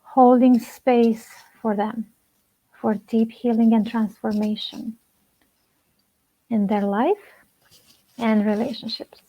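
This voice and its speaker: A woman relationship coach talks to camera in a slow, deliberate way, leaving long pauses between phrases. Her voice sits a little high and comes across soft. The recording is dull and lo-fi. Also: little pitch movement. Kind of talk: slow personal talk to camera. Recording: dull lo-fi sound.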